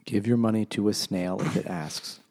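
Deep, mellow man with dry quips. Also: fairly even intonation, moderate pace. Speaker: podcast co-host discussing a book. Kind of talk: casual chat.

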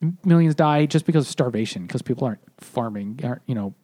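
On a beer-and-books podcast, a male co-host recaps history over beers in casual book-club chat, rambling with plenty of "like" and lots of restarts. His medium-pitched voice is mellow and lively in intonation, and he talks fast.

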